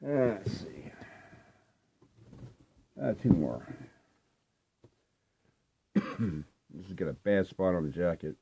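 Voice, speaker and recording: A man's voice: low-pitched, very animated, very slow, gravelly, long pauses, warm tone, slightly rough. An older man casually showing off his record finds, talking in a loose, rambling, laid-back way with lots of fillers. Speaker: vinyl collecting vlogger. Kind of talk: casual rambling show-and-tell.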